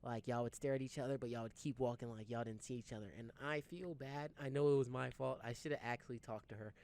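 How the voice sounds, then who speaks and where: A man's voice: medium pitch, steady tone, fast, darkish tone. A young man casually telling a personal story, rambling and slangy, with some swearing. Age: young adult. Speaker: story time channel host.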